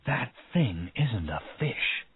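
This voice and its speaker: Uneasy police chief, plain and slow, voiced by a man, tinny line. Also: medium pitch, big pitch swings, slightly rough, no room sound, exaggerated voice. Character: worried male police chief on a boat. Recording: tinny phone-like dry sound.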